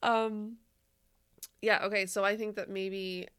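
A woman's voice: medium pitch, little pitch movement, slow pace, fairly bright tone, clear, resonant tone. A woman co-hosting a casual podcast, talking in a loose, rambling way. She giggles often and drops the odd swear word. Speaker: podcast co-host. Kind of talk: casual chat.

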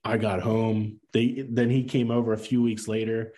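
A man's voice: on the low side, little pitch movement, normal speed, dark tone. A man in his thirties, a podcast guest, telling a personal story in earnest casual talk, acting out quoted lines and using many fillers.

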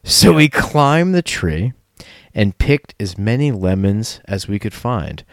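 Low-voiced man reading a letter aloud. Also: slow pace, no room sound, clean studio sound. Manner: lively, laughing, loose. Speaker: podcast host. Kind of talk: casual chat, reading a listener letter.

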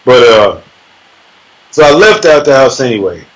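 A man's voice: mid-range voice, very animated, moderate pace, rough recording. A man telling a sparring story in a casual chat, cursing freely, bragging and laughing as he acts out the punches with sound words. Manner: profane, boastful, laughs as he talks.

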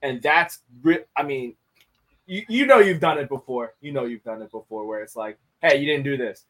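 A man's voice: medium pitch, animated, normal speed, fairly bright tone, poor audio. A man chatting candidly on a podcast, swearing freely and restarting his sentences as he thinks. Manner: candid and profane, repeats words while thinking. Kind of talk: casual podcast chat.

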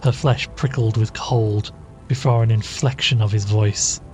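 A man narrating a classic ghost story in a measured storytelling manner. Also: on the low side, fairly even intonation, darkish tone, soft background music.

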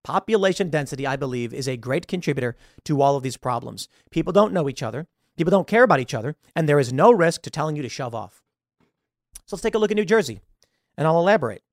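A show host delivers political commentary in an animated, scornful way, talking fast. His voice sits a little high for a man. The sound is close and dry, without any room echo.

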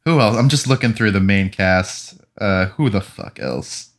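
A man co-hosting a casual film podcast, animated and profane, mocking characters. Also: unhurried. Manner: animated, swearing, mocks characters in shrill voices. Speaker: podcast co-host.

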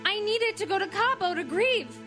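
A woman voices a greedy grown daughter in a comedy ad, her voice very high. She whines with self-pity. Music plays behind her. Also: expressive, normal speed. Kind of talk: comedy ad sketch.

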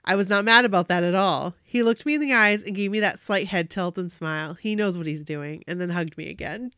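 A woman co-hosting a podcast, reading a fan's story aloud in an animated way. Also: lowish voice, a little fast, clean tone, dry recording, studio quality.

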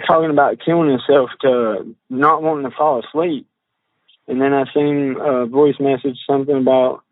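A man, talking haltingly on a phone call and reading out text messages, with many fillers and restarts. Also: mid-range voice, no echo. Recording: tinny phone line, dry.

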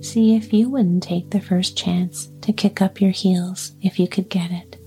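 A woman's voice: on the low side, steady tone, measured pace, mellow, faint music behind, lightly acted. Woman whispering a jolly, coaxing male pumpkin, whispered role-play. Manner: coaxing, winning. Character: jolly, persuasive talking pumpkin leader, male.

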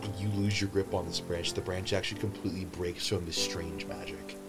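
A man running a tabletop game as game master, narrating with animated storytelling that swings between hushed and loud. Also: deep voice, a little fast, music in the background.

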